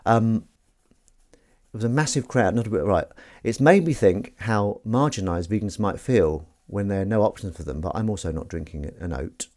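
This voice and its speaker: A man with a lowish, slightly mellow voice hosts a live stream at a moderate pace. He chats casually, rambling and joking, and plays up mock outrage at the comments coming through chat.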